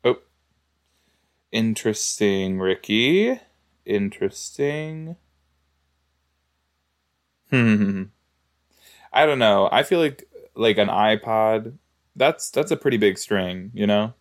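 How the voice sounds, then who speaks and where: A man's voice: fairly low pitch, lively intonation, takes it slowly, long pauses. A man giving casual, exclamatory commentary while reacting to a show, talking back to the screen. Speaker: reaction video host.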